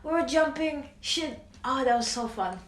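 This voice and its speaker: A woman's voice: high-pitched, animated, normal speed, roomy sound. A young woman, a university student, telling a story animatedly among friends and laughing often. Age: young adult.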